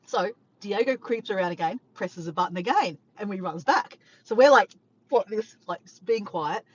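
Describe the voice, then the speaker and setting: A woman vlogger telling a funny story to her viewers, animated and laughing, swearing freely. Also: mid-range voice, normal speed, husky, highs cut off. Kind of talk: casual storytelling to camera.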